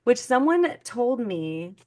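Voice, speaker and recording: A woman's voice: on the high side, sing-song, takes it slowly, crowd noise. A woman hosting a podcast in casual chat, talking loosely with many "like" fillers. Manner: chatty, heavy use of "like" fillers. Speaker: podcast host.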